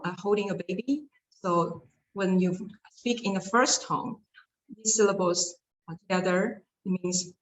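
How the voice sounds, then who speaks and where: Woman teaching. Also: mid-range voice. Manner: hesitant, many fillers and restarts, light laughs. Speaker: Chinese language teacher. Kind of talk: online lecture with slides. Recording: echoey room with faint noise.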